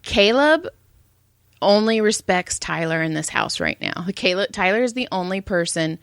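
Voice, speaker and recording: A woman's voice: mid-range voice, moderate pace, dry recording, clean studio sound. A middle-aged woman co-hosting a podcast, telling stories in casual chat and acting out what people said. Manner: animated storytelling, acts out quotes. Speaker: podcast co-host.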